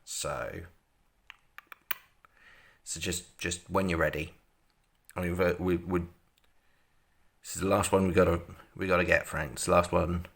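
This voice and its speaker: A man co-hosting a livestream, cajoling and pleading with comic, mock exasperation. His voice is very low and full of vocal fry, rough at the edges. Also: a little slow, pauses often, a bit bright. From Britain. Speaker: livestream co-host. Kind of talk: casual comic chat.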